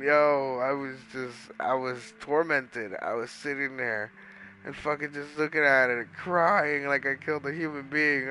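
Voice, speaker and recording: Bright-voiced man, rambling and profane. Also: mid-range voice, low-quality recording. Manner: rambling, heavy swearing, filler-laden. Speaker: gaming streamer. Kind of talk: casual storytelling while gaming.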